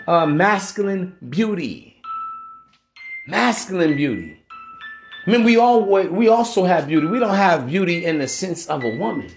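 Coarse, preachy man host over music. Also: fairly high pitch. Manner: profane, emphatic, preachy street talk. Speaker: podcast host. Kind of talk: motivational dating advice monologue.

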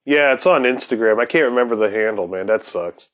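Laid-back joking podcast host. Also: male voice, lowish voice, fairly quick, a bit bright. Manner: laid-back, laughs often, swears. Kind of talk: casual chat.

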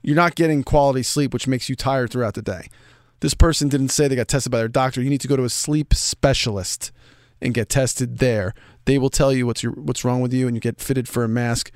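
A man's voice: medium pitch, steady tone, fairly quick, no echo, studio quality. A man co-hosting a casual chat show, enthusiastic and repeating himself as he reads listener mail. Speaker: co-host reading listener mail.

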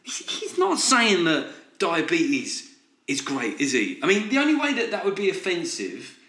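A man's voice: on the high side, huge pitch swings, moderate pace, bright, forceful tone. A man hosting a solo comedy podcast, ranting sardonically and tossing in frequent "right?" asides. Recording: roomy echo.

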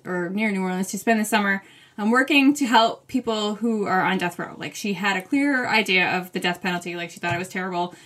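A woman's voice: mid-range voice, a bit bright. A woman co-hosting a podcast, chatting casually and enthusiastically about new books, laughing easily. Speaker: podcast co-host. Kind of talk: casual book chat.

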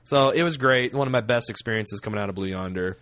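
A man's voice: fairly low pitch, fast, heavy background noise. A man co-hosting a podcast, chatting casually and joking around. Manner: joking, loose and animated. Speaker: podcast co-host. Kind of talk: casual chat.

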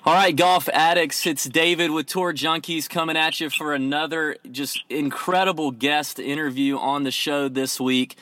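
A man's voice: fairly high pitch, steady tone, normal speed, hardly any pauses, sharp tone, dry recording, soft background music. Easygoing male golf podcast host. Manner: friendly, joking, lots of fillers. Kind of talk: casual podcast chat.

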